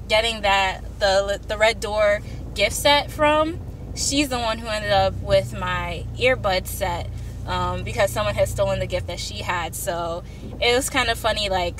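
A woman's voice: medium pitch, fairly bright tone, slight background noise. A young woman vlogging casually to her camera from her parked car, chatty and heartfelt with many ums and likes. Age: young adult. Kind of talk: casual vlog talk to camera. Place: parked car in a parking deck.

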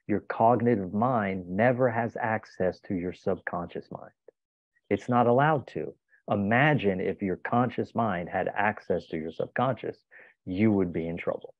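A man's voice: fairly low pitch, measured pace, no room sound. A man guest giving a motivational self-help talk, emphatic and telling stories with acted-out quotes. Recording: tinny phone-like dry sound.

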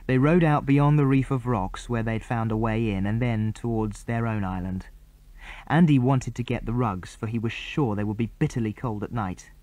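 Man reading a children's storybook, mellow tone, clear even telling, dry close sound. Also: medium pitch, normal speed, no room sound. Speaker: audiobook narrator. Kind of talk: storybook narration.

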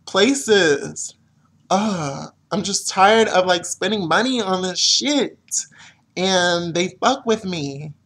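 A man's voice: on the high side, a bit bright. A young man venting to camera in an exasperated, profane rant, complaining as a vlogger. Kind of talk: ranting to camera.

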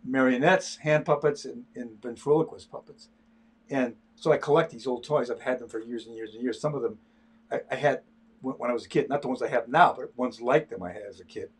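An older man sketches on a livestream and chats casually, his medium-pitched voice brisk with a breathy edge. The talk is halting, and words keep getting repeated.

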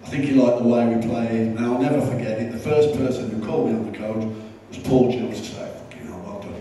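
A man's voice: medium pitch, steady tone, fairly quick, warm tone, slight background noise. A man, a former football manager, telling dry, understated anecdotes on stage at a live podcast. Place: live event venue. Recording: roomy live hall from far off.

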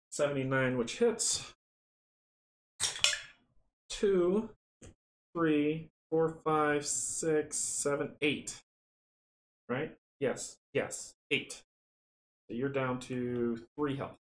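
A man casually running a board game playthrough, chatty and excitable, counting dice rolls aloud. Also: on the high side, drawn-out words, long pauses. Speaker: tabletop game runner and player. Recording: roomy echo, faint noise.

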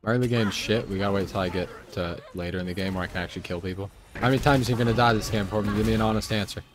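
Low-voiced man hosting crude gaming chat. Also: racing, noisy background. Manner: crude deadpan joking. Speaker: gaming channel host. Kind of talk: casual gaming chat with friends.

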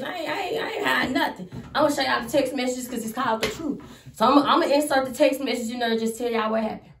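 A young woman with a fairly high voice recounts a personal story with a comedian's timing, jumping from loud, heated bursts down to muttered asides. She swears freely. Her voice rings around an echoey room and sits a little away from the microphone. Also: fast, vocal fry, recorded from a distance. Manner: animated, profane, swings between loud outbursts and low asides. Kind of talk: casual storytime vlog.

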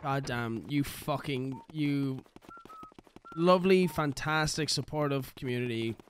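Sick, hoarse man streaming a game. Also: mid-range voice, unhurried, slight background noise. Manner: sarcastic, swears a lot. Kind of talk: casual gaming stream commentary.

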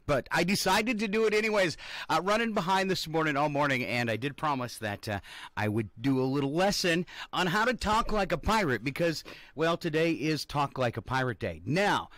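In a radio studio, a man hosting a morning show rambles through casual radio talk full of fillers, every so often dropping into a growled pirate voice. Picked up on a studio microphone, his voice is on the high side and fairly bright, with a dry recording.

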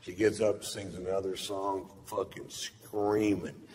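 A middle-aged man, telling a profane, deadpan story in stand-up, on a live stage with a handheld mic. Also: low voice, slow, a little hiss or hum. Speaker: stand-up comedian.

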